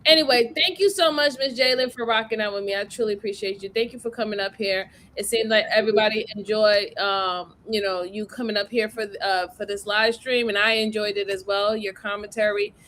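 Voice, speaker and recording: A woman's voice: mid-range voice, steady tone, fairly quick, hardly any pauses, a bit bright, a little hiss or hum. A woman hosting a casual livestream, chatting about a case and thanking viewers. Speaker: livestream host.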